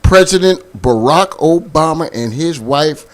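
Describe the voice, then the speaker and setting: A man's voice: on the high side, expressive, unhurried. A man hosting a casual talk show, bantering playfully and laughing often as he introduces guests. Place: church basement studio.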